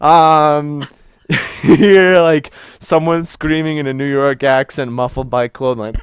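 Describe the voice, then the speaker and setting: A man's voice: on the high side, steady tone, measured pace, clean tone, no room sound, highs cut off. A man narrating as game master of a tabletop game, casual and laughing often. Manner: casual, laughing, voices many figures.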